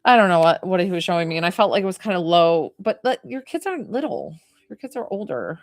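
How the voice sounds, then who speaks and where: A woman's voice: lowish voice, big pitch swings, fast talker, dry recording, clean studio sound. A young woman giving a live psychic reading, talking in a rambling, hesitant way full of fillers like "like" and "um.". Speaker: psychic medium.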